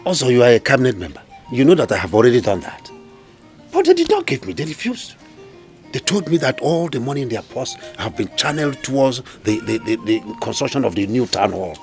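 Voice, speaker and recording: A man's voice: mid-range voice, sing-song, a little fast, faint music behind. A man with a Nigerian accent playing a desperate poor village hunter who pleads and cries out. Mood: begging. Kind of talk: Nollywood film acting.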